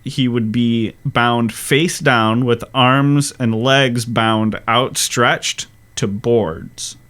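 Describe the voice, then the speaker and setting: A man co-hosts a casual history podcast, explaining details slowly and deliberately. His voice is smooth and clear at a mid pitch. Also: fairly even intonation, a bit bright. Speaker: podcast co-host.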